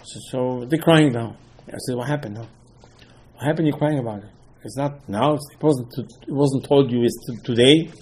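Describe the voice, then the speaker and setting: Husky-voiced man teaching Torah. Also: medium pitch, normal speed, a little mellow. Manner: repeats rhetorical questions, emphatic; peppers English with Hebrew terms. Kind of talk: animated Torah class.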